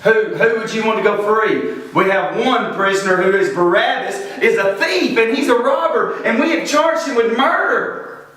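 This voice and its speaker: A man voicing a stern male Roman governor, speaking in a plain, measured way. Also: sits high, fairly bright tone, voice pushed up. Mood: judging. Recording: echoey room, voice from far off.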